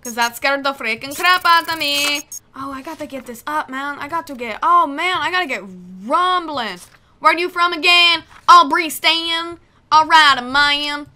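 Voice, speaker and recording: A woman's voice: sits high, normal speed, sharp tone. A young woman giving goofy, joking let's-play commentary and talking straight to her viewers. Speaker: gaming video creator.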